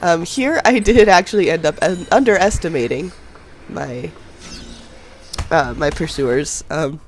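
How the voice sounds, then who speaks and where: This gameplay commentator is a young man whose voice runs on the high side, moving at a measured pace while a cold leaves him stuffy-nosed. He chats casually over his own play, poking fun at himself and laughing a lot. There's slight background noise along with faint music.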